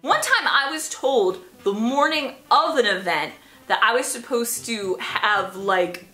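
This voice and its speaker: A young woman telling retail stories to camera in a sarcastic, animated way, swearing freely. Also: on the high side, measured pace. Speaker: vlogger. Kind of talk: casual storytelling to camera. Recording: echoey room.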